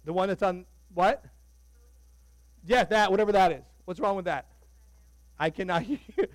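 Man, pastor, sermon, high voice, conversational, joking, dry close sound. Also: normal speed, no room sound, poor audio. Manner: animated, conversational, joking with the congregation.

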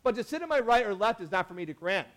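High-pitched guy preaching, super casual, lots of "like", restarts, acts out the quotes. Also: big pitch swings, racing, fairly bright tone. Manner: conversational, lots of "like" and self-corrections, acts out quotes. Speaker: pastor. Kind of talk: sermon.

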